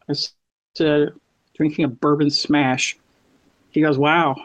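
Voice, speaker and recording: A woman's voice: low voice, steady tone, measured pace, long pauses. A middle-aged woman hosting a podcast, telling rambling stories and acting out both sides of each conversation. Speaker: podcast host. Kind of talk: casual storytelling. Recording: muffled lo-fi audio.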